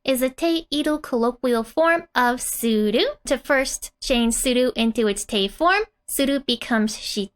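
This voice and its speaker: A woman's voice: on the high side, unhurried, hardly any pauses. A woman teaching a casual language lesson in a chatty way, often laughing and saying "like". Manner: chatty and giggly, with filler "like". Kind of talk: casual lesson explaining manga dialogue.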